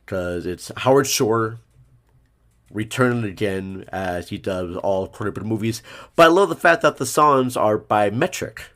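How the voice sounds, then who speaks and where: Low-voiced man chatting about films. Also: a little slow. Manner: rambling, animated asides. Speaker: podcast guest. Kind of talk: casual film review chat.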